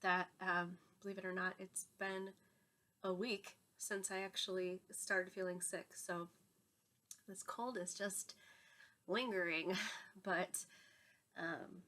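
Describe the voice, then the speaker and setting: A woman's voice: mid-range voice, fairly even intonation, slow pace, long pauses, pushed and bright. A woman in her thirties with a cold, talking in a congested, nasal voice as she hosts her knitting podcast at home, chatty and laughing often. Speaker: knitting podcast host and yarn dyer. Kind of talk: casual chat to camera. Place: home room with yarn shelves behind.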